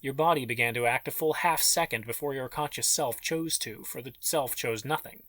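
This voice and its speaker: A man's voice: medium pitch, moderate pace, fairly bright tone. A man reading an audiobook in scripted, dramatic narration.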